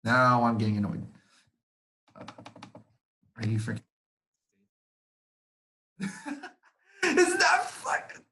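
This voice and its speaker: A man's voice: medium pitch, wildly swooping pitch, takes it slowly, long pauses, pushed and bright, rough recording. A young man leading an online chemistry review session, talking casually, getting flustered and laughing at himself as he swears. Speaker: supplemental instruction leader.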